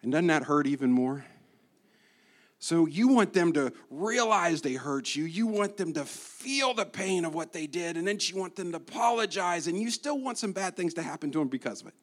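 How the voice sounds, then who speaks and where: A man preaching a sermon as a guest preacher, swinging between hushed asides and loud emphasis, with playful humor. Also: fairly high pitch, animated, normal speed.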